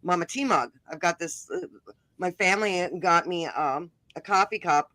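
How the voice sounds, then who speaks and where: A woman's voice: on the low side, normal speed, pushed and bright, dry recording. Easygoing woman hosting a chat show. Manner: easygoing, many fillers and restarts. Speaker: talk show host. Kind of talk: casual livestream chat.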